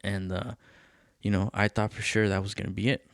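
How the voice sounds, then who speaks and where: Low-voiced man telling a profane story. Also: fairly quick, gravelly, no room sound, clean studio sound. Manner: profane, animated, acts out quoted voices. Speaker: podcast host. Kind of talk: casual storytelling.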